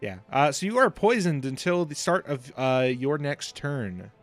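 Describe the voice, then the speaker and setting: A man's voice: on the high side, very animated. Man narrating a tabletop game as game master. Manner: brisk, matter-of-fact narration of turns. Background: faint music.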